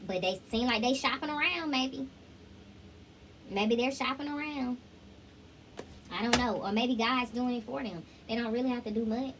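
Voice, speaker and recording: Woman doing a chatty tarot reading, kinda high voice, bits of singing, faint hiss. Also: moderate pace, long pauses. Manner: chatty, sings snippets, addresses viewers directly. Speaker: tarot reader.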